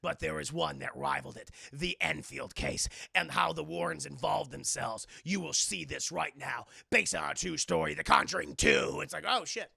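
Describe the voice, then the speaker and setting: A man with a high, crackling, gravelly voice talks straight into a close, dry mic. He rambles through a film recap for his live chat, swearing freely and staying animated. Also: moderate pace, few pauses, dry recording. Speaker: livestream film reviewer. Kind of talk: casual chat with a live audience.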